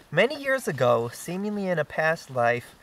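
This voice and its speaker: A man's voice: on the high side, a bit bright. A man co-hosting a casual outdoor chat, easygoing and full of "uh" and "um" as he responds to stories. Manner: easygoing, filler-heavy encouragement. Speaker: co-host reading listener stories. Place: outdoors by a campfire. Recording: distant mic, faint noise.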